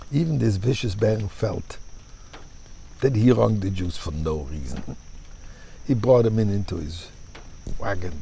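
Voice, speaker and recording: A man's voice: mid-range voice, creaky, mellow, slight background noise. A man, a rabbi, giving a fervent sermon and telling a parable with emphatic storytelling.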